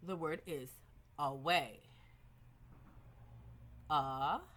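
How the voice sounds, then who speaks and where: Brief: young woman educator, methodical lecture, bright forward tone, slightly low pitch. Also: animated, a little slow. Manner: methodical, models child-directed prompts and clapping. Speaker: teacher educator. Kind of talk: explanatory lecture with modeled classroom prompts.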